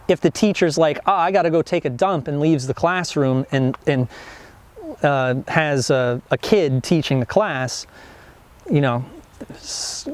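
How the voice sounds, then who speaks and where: A young man teaching an online business course in a casual, rambling way, full of fillers and restarts. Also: fairly high pitch. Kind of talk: casual instructional talk.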